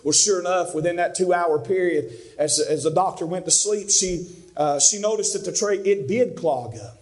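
A male preacher with a notably high voice delivers a sermon as a story. He speaks earnestly and rises at times into fervent emphasis. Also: moderate pace, a little mellow. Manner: earnest, rising to fervent peaks.

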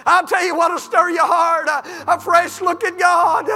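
A man's voice: very high-pitched, flat delivery, measured pace. A man preaching an impassioned revival sermon in church, with cries of emotion. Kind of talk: revival sermon with altar call. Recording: reverberant hall with soft music.

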